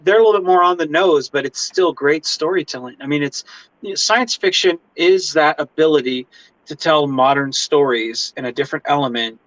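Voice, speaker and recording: A man hosting a casual interview chat, excitable and swearing, acting out little voices with big pitch jumps. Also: no room sound, low-quality recording. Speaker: host.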